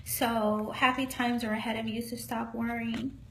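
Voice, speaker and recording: High-pitched lady psychic doing a casual live reading online, earnest and encouraging, folksy. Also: flat delivery, normal speed, a little hiss or hum, rough recording. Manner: earnest, encouraging, folksy, calls listeners honey. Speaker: psychic medium.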